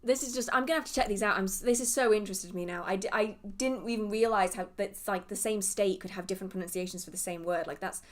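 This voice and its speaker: A woman's voice: mid-range voice, quick pace, few pauses. A young woman from England with a southern English accent, hosting a live witchcraft Q&A stream and answering viewer questions in a chatty, rambling way. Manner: chatty, rambling, goes off on tangents. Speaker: witchcraft Q&A livestream host. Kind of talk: casual livestream chat answering viewer questions.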